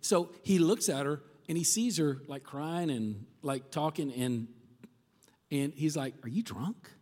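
Conversational preacher with a long hall echo. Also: male voice, a little high, a little slow, darkish tone. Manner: conversational, checks in with "okay?". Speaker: pastor. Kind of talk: sermon.

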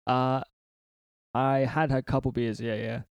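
A man's voice: medium pitch, level tone, a little slow, clear, resonant tone, no echo, studio quality. Sweary man hosting a podcast. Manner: sweary, laughs often, rambling storyteller. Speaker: podcast host. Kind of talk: casual podcast chat. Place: a friend's house.

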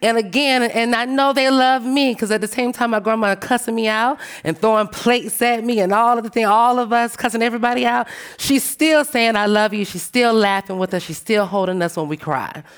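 Smooth-voiced woman telling a lively story. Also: fairly high pitch, a little fast, hardly any pauses. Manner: animated, emphatic storytelling; frank and profane, calls listeners "baby". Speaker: panelist. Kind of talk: panel discussion talk.

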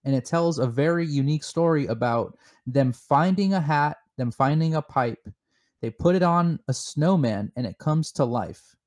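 A man co-hosting a comedic chat show, spinning deadpan, mock-serious theories with lots of halting restarts. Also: fairly high pitch. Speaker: podcast co-host.

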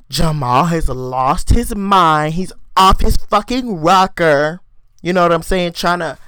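A man giving a casual, profane, animated recap of a TV episode, acting out the scenes. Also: high voice, no echo. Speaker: TV recap commentator.

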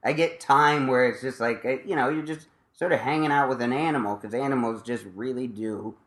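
A man's voice: mid-range voice, a little fast, a bit bright. A man hosting a casual chat, rambling and joking at his own expense, with lots of fillers and laughs. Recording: echoey room.

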